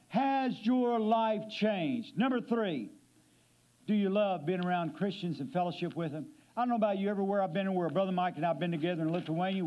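In a church sanctuary, a guest preacher delivers an emphatic sermon, putting questions to his listeners. His high-pitched voice comes through on a lo-fi recording.

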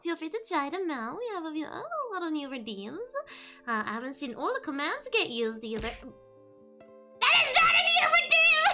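A young woman streaming casually to her viewers, bubbly and giggly, often breaking into high squeals. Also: bright, forceful tone. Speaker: VTuber streamer.

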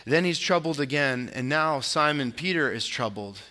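A man's voice: expressive, moderate pace, pushed and bright. A man pastor giving a conversational sermon, acting out quotes and asking his listeners tag questions. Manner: conversational preaching, acts out quotes with rising pitch; frequent tag questions, casual filler words.

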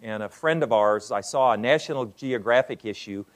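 Speaking as a university president, this older man lectures an audience at a relaxed pace. His pitch sits in the middle range, and his talk is peppered with "uh."

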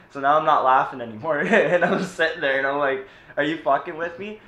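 A man's voice: on the high side, a little fast, few pauses, highs cut off. A young man casually telling a story to his camera, swearing and laughing as he goes. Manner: laughing, cursing, animated retelling. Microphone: camera mic. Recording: echoey room with faint hiss.

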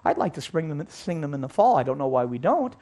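A man giving an animated sermon-style Bible lecture, asking his audience rhetorical questions. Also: a little high, fast. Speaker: Bible teacher.

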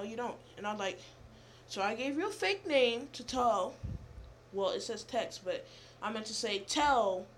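A young woman vlogging at a middling pitch, telling a story in a loose, rambling way. Her delivery is animated and profane, and jumps from one thought to the next. A faint hiss sits under the voice.

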